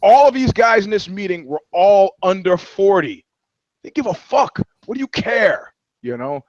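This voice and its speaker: A man's voice: sits high, animated, normal speed, no room sound, dull audio. A man talking as a podcast guest, telling loose, profane anecdotes in casual chat. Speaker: guest, touring musician.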